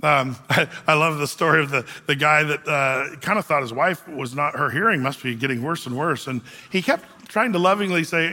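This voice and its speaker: A man's voice: fairly high pitch, brisk, sharp tone, big-room sound. A man preaching a sermon as pastor, telling stories in a chatty way with many fillers and restarts.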